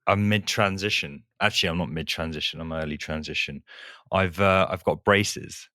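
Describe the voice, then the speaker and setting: Deep-voiced man with a slight lisp. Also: normal speed, pushed and bright, dry recording, studio quality. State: slight lisp from new braces. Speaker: podcast co-host. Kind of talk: casual podcast banter.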